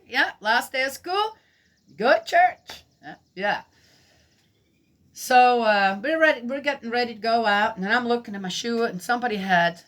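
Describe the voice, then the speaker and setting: Bright, chatty woman telling stories. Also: a little high. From Switzerland. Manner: chatty, laughing, asks listeners questions. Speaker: Bible teacher. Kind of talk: storytelling sermon.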